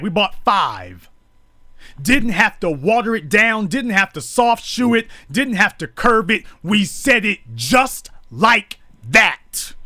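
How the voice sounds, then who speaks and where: A man with a high, bright voice delivers a fiery live monologue. His pitch swings widely as he hammers each point home in repetitive, preachy build-ups. The sound is close and dry. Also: no room sound. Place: streamed live.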